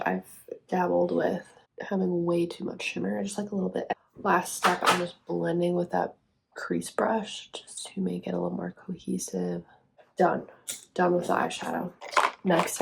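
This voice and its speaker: A young woman vlogger chatting casually through her makeup routine, relaxed and chatty with lots of fillers. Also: lowish voice, vocal fry. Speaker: vlogger and teacher. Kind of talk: casual get-ready-with-me talk.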